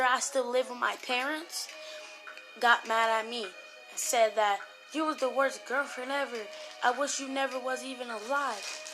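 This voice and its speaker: A woman telling a casual story about an online game in a rambling way, getting louder when she quotes other people. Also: a little high. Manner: rambling retelling with raised voice when quoting others.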